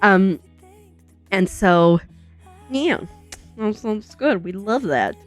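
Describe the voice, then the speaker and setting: A young woman streaming from home, chatting casually with viewers, bubbly and chatty, full of "like" and quick laughs. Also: medium pitch, animated. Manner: says "like" a lot. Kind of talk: casual chat with chat readers. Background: soft background music.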